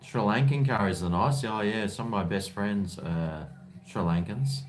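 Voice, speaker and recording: A man's voice: fairly low pitch, measured pace, noisy background. An Australian man hosting a live stream from home, chatting in a rambling way and reading viewer comments aloud. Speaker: livestream host. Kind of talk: casual live-stream chat.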